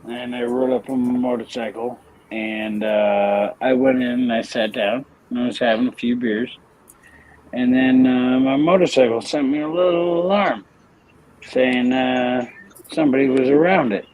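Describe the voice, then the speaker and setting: A man in a casual chat who reads out the chat's reactions and tells a story in a halting, profane way. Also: medium pitch, steady tone, darkish tone, rough recording. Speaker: co-host.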